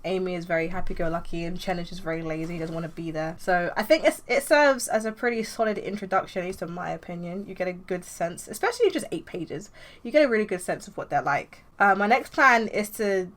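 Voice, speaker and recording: A young woman explains her comic plan in a loose, chatty way, full of fillers. Her voice sits a bit low for a woman. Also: animated, fast talker. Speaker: comic creator. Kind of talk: casual retelling of a comic plan.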